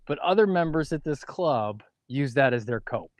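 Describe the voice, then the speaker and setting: A man's voice: mid-range voice, very animated, a little slow, no room sound, lo-fi sound. A man co-hosting a golf livestream, casually chatting and explaining course details while playing outdoors.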